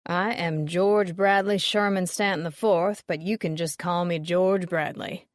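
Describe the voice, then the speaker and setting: Figure: a woman playing a pompous older man. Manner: loud, brassy drawl. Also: on the low side, fairly even intonation, measured pace, no echo, clean studio sound, natural voice. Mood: brash, leering. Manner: boastful, overfamiliar. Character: portly pompous older Southern man, leering collector. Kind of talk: audiobook character reading.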